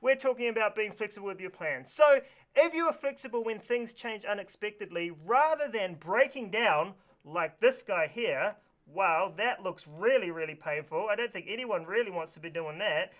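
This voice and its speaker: A man presenting a live kids' lesson from New Zealand with a New Zealand accent, excitable and full of exaggerated reactions. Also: high-pitched, moderate pace. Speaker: kids show presenter. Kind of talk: energetic live kids lesson. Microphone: live stream mic.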